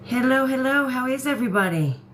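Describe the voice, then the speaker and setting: A woman with a fairly high voice chats on a livestream from her room at home, greeting viewers by name one after another and reacting to the comments as they come in. A faint hum of room noise sits under her voice. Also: animated, a little fast, fairly bright tone. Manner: chatty, greets commenters by name, reads chat aloud. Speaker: livestream host. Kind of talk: casual live-stream chat, greeting viewers.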